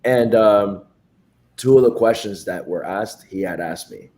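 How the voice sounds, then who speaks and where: Male podcast guest, low-pitched, casual storyteller who mimics others, quiet home recording. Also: a little slow. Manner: storytelling, acts out quoted dialogue. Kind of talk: casual chat.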